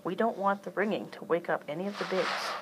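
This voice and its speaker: A woman voicing a tiny, cautious father who calmly gives instructions. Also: on the low side, a little fast, heavy background noise, lightly acted. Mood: instructing. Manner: calm, instructive.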